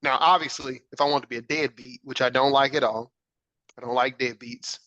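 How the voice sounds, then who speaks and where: A podcast host and adult father speaks fairly quickly in a medium-pitched, steady voice with a sharp tone. He tells a personal story earnestly and reflectively, often adding "right?". The recording is muffled and dry, without room sound.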